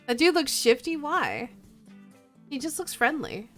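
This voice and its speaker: A woman's voice: high voice, very animated, unhurried, faint music behind. A woman streaming a game, chatting playfully, giggling often and reading the story aloud. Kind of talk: let's play commentary and reading.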